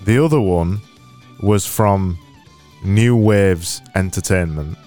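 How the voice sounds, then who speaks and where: A man's voice: deep voice, slow pace, darkish tone, faint music behind. A man co-hosting a casual podcast, blunt and teasing. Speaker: podcast co-host. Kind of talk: casual chat.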